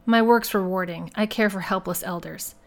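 A woman's voice: mid-range voice, normal speed, vocal fry, close to an everyday voice. A woman voicing Kay, a tired, defensive woman in her forties, in an audiobook reading.

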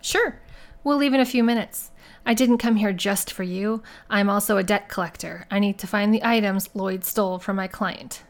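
A woman's voice: mid-range voice, moderate pace, lightly acted. Woman reading a cocky male private eye, dry, self-assured, audiobook. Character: cocky male private investigator, calm and bold.

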